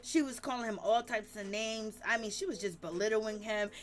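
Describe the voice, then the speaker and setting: A woman's voice: mid-range voice, steady tone, normal speed. A woman hosting a live-stream recap of reality TV, chatting animatedly and laughing often as she retells the drama. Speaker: reality TV commentary host.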